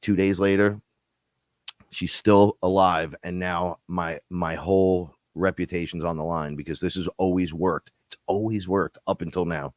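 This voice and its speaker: A man with a stuffy nose co-hosting a spiritual live stream, talking in an animated, profane, rambling way and laughing often. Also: sits low, normal speed, no echo, studio quality.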